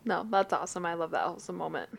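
A woman's voice: lowish voice, racing, vocal fry, husky. A woman co-hosting a podcast, chatting casually and encouraging her partner. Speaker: podcast co-host. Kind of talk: casual chat.

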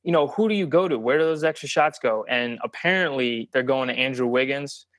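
A man's voice: medium pitch, fairly quick, a bit bright, dry recording. A man co-hosting a sports podcast, talking bluntly and emphatically in casual chat, swearing freely. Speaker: podcast co-host.

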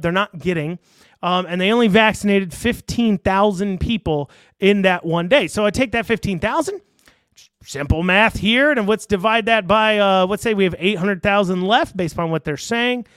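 A man's voice: sits high, a bit bright, smooth, no room sound. A man giving casual online political commentary, rambling and sarcastic, with many fillers and restarts.

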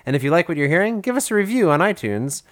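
A man's voice: on the high side, very animated, quick pace. A man hosting a casual podcast, introducing the show with a wry, playful delivery. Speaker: podcast host. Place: New York.

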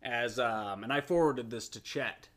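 A man co-hosting a casual podcast, who is quick to correct small details. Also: mid-range voice, a bit bright. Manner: pedantic, correcting. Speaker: podcast co-host. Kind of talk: casual chat.

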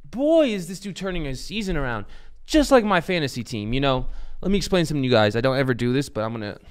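A young man hosting a fantasy football podcast in loose, rambling chat. His voice is smooth and clear, and he swings between energetic bursts and low asides. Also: fast. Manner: rambling, animated, swears casually. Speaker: podcast host. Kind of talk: casual fantasy football talk.

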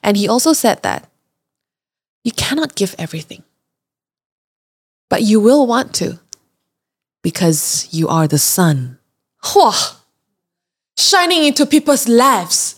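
A woman's voice: a little high, big pitch swings, slow pace, pauses often, husky. A young woman, hosting a podcast and telling a candid, confessional story in chatty fashion. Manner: chatty and confessional, often acts out her own reactions. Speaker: podcast host.

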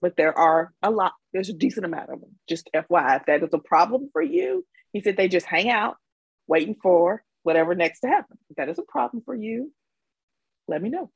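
Chatty Mississippi woman, podcast guest, slightly husky, dry and close. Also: mid-range voice, very animated, brisk, no room sound, highs cut off. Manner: chatty storyteller, laughs often. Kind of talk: casual chat.

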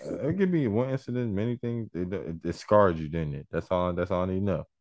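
A man, his voice pitched very low, co-hosts a podcast and needles his guest with teasing questions, repeating himself for effect. The sound is close and completely dry. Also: animated, a little fast, a little mellow, dry recording. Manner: teasing, cross-examining, repeats phrases. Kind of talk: casual podcast chat.

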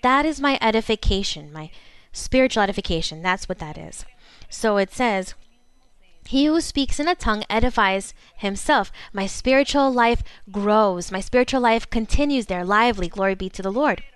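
A woman preaching a sermon to her congregation in a fervent way, slowing down for emphasis. Her first language is Spanish. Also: medium pitch, expressive, clean tone, dry recording. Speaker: pastor.

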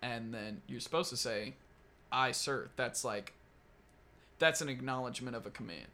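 Young man, from Kentucky, podcast host, casual chat, swears a lot, animated storyteller. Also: mid-range voice, normal speed. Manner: swears constantly, animated storytelling with laughing asides.

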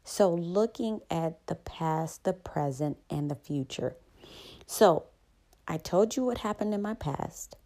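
A woman hosting a calm, reflective self-help talk, soothing and conversational, often adding "right?" to her points. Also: lowish voice, slow. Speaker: host.

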